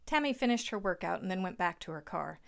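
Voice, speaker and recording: Female narrator, lower voice, dry and wry storytelling. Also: animated, fast, vocal fry.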